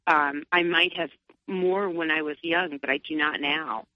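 A woman's voice: unhurried, no room sound. Chatty middle-aged New woman. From Long Island, New York. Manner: chatty, animated, acts out her own thoughts in a higher voice. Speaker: singer and guest. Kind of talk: casual interview. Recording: dull, lo-fi sound.

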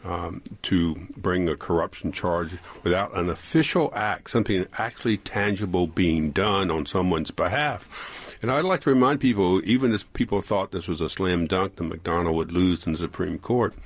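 A man with a Southern accent, a regular political reporter on a radio panel, talking in quick, wry quips. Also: low voice.

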